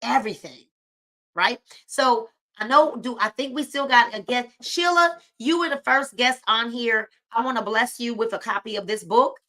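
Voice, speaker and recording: Woman, book club host on a live stream, high bright voice, preachy and repetitive. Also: moderate pace, few pauses. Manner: preachy, encouraging, repeats phrases.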